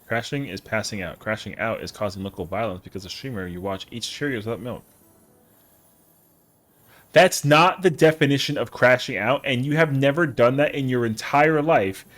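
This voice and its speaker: Animated slangy male game streamer. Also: mid-range voice. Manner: rambling, slangy, answers chat. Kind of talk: casual live-stream chatter.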